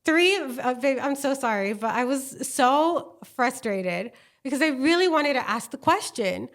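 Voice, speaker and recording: Woman, high voice, animated storyteller, gushing, casual podcast chat. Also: unhurried. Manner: animated, gushing storyteller who acts out quotes. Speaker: podcast co-host.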